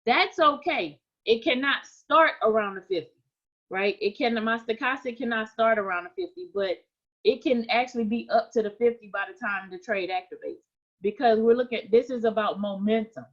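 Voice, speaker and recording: A woman's voice: fairly high pitch, moderate pace, fairly bright tone, dull audio. A woman teaching forex trading in a live stream, talking conversationally, repeating her points and often checking in with "right?". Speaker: trading coach.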